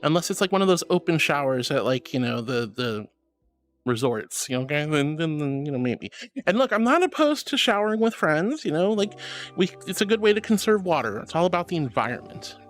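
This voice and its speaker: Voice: a little fast, faint music behind. Bubbly, affectionate VTuber streamer. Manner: bubbly, affectionate, calls viewers sweetie; swoops into high squeals of excitement. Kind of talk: livestream chat reading viewer messages.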